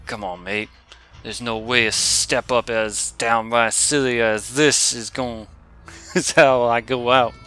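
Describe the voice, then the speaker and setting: A man's voice: mid-range voice, fairly even intonation, moderate pace, hardly any pauses, bright, forceful tone, clean tone, faint music behind. A man hamming up a brash explorer with a put-on Aussie drawl. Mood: defiant. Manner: exaggerated hammy reading.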